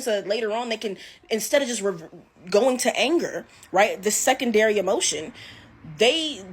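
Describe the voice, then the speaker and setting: A woman talking casually about an anime, animated and emphatic, often asking "right?". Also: fairly high pitch, slightly rough. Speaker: anime commentator. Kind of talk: casual opinion talk.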